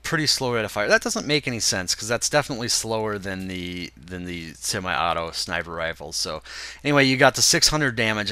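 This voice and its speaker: A man's voice: fairly low pitch, dry recording. A young man with a stuffed-up, congested voice, casually talking through a game walkthrough while thinking aloud. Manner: relaxed, thinking aloud with fillers. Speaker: gaming video host. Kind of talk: casual gameplay walkthrough commentary.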